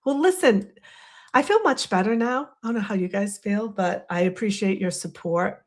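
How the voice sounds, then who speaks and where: A woman's voice: mid-range voice, moderate pace. Chatty Boston woman hosting a livestream. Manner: chatty and rambling, self-deprecating. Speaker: livestream host. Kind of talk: casual livestream chat.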